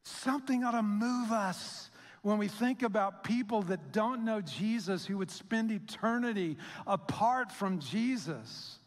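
A man's voice: high voice, unhurried. A middle-aged man preaching a sermon as pastor, chatty and storytelling, acting out the voices he quotes. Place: church sanctuary. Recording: long hall reverb.

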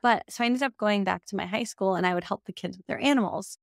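A woman's voice: medium pitch, quick pace, creaky, dry recording, studio quality. A young adult woman hosting a solo podcast as a business coach, talking in a casual, heartfelt and emotional way and often saying y'all.

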